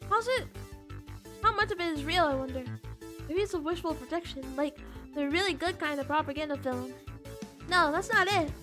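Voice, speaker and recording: A woman's voice: high voice, moderate pace, pauses often, music in the background, lightly acted. A woman reading first-person narration as a dazed, overwhelmed teenage girl. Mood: wistful.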